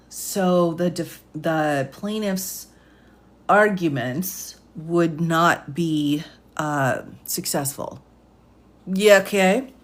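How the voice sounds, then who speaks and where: A woman with a lowish voice reads a legal filing aloud on a live stream and comments as she goes. She takes her time, breaks long sentences apart and rereads them. She cuts in with sighs and disbelieving questions. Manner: incredulous, interrupts her reading with sighs and "what?". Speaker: attorney.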